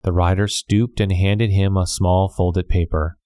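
A man reading a classic novel aloud as scripted storybook narration, measured and clear. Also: low voice, level tone, warm tone, no echo. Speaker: audiobook narrator.

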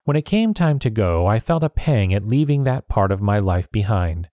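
A man's voice: on the low side, very animated, moderate pace, dark tone, no echo, studio quality. Man reading a storybook aloud. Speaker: narrator.

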